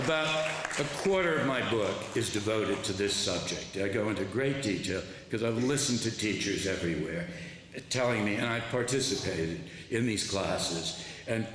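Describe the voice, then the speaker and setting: An older man giving a public talk as an author, telling classroom stories in an animated way with many restarts. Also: on the low side. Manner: animated storyteller, quoting students, frequent restarts. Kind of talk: public lecture storytelling. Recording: echoey hall with faint noise.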